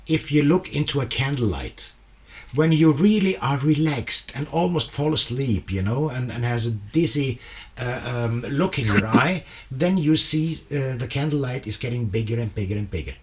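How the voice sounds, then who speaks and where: A man's voice: medium pitch, expressive, normal speed, a little hiss or hum. Agreeable male interviewer, hesitant. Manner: agreeable, hesitant, many fillers. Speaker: interviewer host. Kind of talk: conversational interview.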